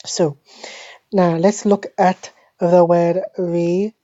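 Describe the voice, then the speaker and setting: A woman giving a deadpan parody language lesson, speaking slowly and deliberately and repeating each word like a teacher. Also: on the low side, no echo. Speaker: mock French teacher. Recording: dull lo-fi phone screen recording.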